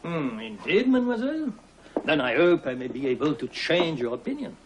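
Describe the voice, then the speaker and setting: A man's voice: a little high, sing-song, fairly quick. An actor playing a fussy, pedantic male teacher, speaking in a precise, mannered way. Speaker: French teacher. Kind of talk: period film acting. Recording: hissy old film soundtrack.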